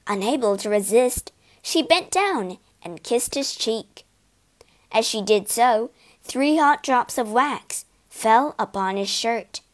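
A woman reading a fairy tale aloud slowly and expressively, giving the characters voices. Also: a little high, expressive. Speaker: storyteller. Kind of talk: scripted narration of a fairy tale.

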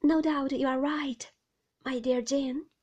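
A woman voicing a gentle, timid young mother in a storybook reading, soft and meek. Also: sits high, fairly even intonation, slow pace, dull audio. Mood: pleading.

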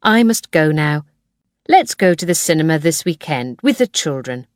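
A woman's voice: sits low, sing-song, normal speed, no room sound, studio quality. A woman voicing a friendly young aunt who teaches, in a storybook reading. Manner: friendly and eager.

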